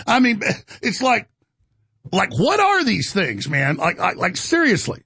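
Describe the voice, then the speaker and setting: A man hosting a talk show, ranting in a rambling, animated, indignant monologue. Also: high voice, brisk, creaky, slightly rough, no echo.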